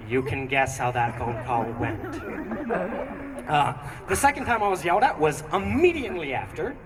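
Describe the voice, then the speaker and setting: A young man performing a stand-up comedy routine with animated, theatrical storytelling on a theatre stage. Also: a little high, moderate pace. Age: young adult. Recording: echoey hall, distant mic, noisy.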